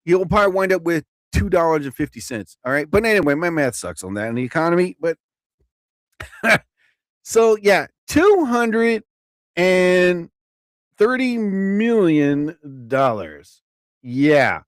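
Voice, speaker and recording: A man runs a live comedy stream in a rambling, animated monologue and chuckles at his own jokes. His voice sits fairly high and swings widely up and down. The sound is dry and close, with no room around it. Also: unhurried, no room sound.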